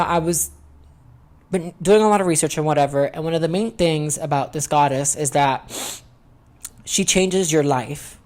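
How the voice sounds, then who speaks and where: A young adult woman hosting her own podcast in a candid, expressive confessional chat, swearing freely and calling listeners honey. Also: deep voice. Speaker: podcast host.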